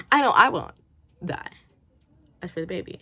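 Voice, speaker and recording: A woman's voice: medium pitch, creaky, sharp tone, breathy edge. A woman vlogger giving a rambling book review, swearing freely and often breaking into laughter.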